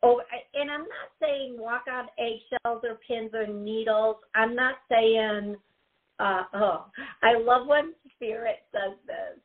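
Speaking slowly in a voice on the high side, a woman plays psychic host on a call-in radio show, with audio that sounds tinny and phone-like. She's chatty and prone to giggling, and her advice comes as repeated warnings to the caller.

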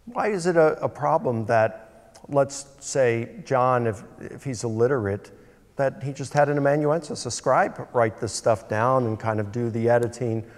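Male debater, average pitch, chatty questioning, hall echo. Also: normal speed. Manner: conversational, questioning, with fillers. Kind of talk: debate cross-examination. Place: university lecture hall. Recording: reverberant hall.

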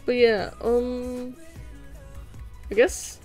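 A young livestreamer from Australia draws at home and chats casually with her viewers, giggling along, while faint music plays. She speaks unhurriedly at medium pitch into a desk mic.

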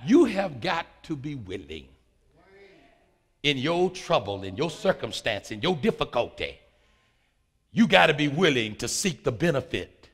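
High, lively preaching man with gravel. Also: normal speed, big-room sound. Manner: preaching with swings from quiet to shouting; folksy, uses "ain't". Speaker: pastor. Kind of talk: sermon. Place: church sanctuary.

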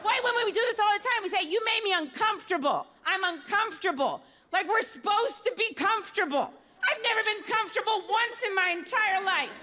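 Brief: woman stand-up, very high voice, bright and sharp tone, sardonic. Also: brisk, few pauses. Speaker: stand-up comedian. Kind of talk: stand-up routine.

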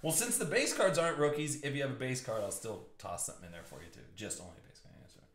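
A man with a medium-pitched, fairly bright voice talks rapid-fire, his pitch swooping wildly. He's a box break host running a live trading card break, joking and bantering with chat as he reads out the hits, recorded in an echoey room with faint noise.

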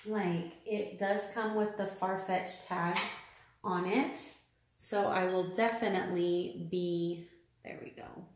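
Upset woman vlogging in an echoey room. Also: lowish voice. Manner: upset, exasperated, repeats herself, many fillers. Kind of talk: unboxing vlog complaint.

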